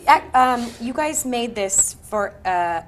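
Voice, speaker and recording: A woman's voice: fairly high pitch, expressive, slow pace, a little hiss or hum. A woman hosting a live cast and crew Q&A, asking hesitant questions with many fillers. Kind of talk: live panel interview.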